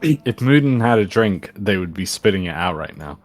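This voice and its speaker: Laid-back low-voiced male player. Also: lively intonation, moderate pace, no room sound. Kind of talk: casual tabletop role-play.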